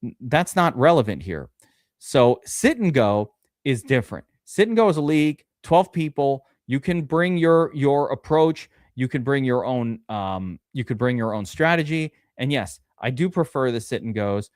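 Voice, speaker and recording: A man's voice: medium pitch, lively intonation, moderate pace, a little mellow, dry recording, clean studio sound. A man hosting a live fantasy football draft stream, chatting casually and rambling with restarts.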